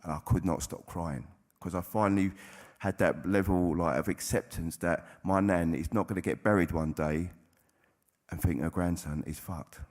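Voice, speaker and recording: A man's voice: low-pitched, fairly even intonation, normal speed, a little mellow. A man giving a candid personal testimony to an audience, speaking bluntly and swearing freely. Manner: blunt, plain-spoken, with frequent swearing. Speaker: recovering addict sharing at a convention.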